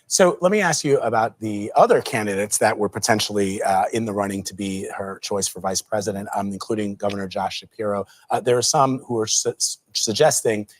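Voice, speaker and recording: A man's voice: on the low side, a little fast, few pauses, no echo. A man interviewing a guest on television, asking a long question that stops and restarts.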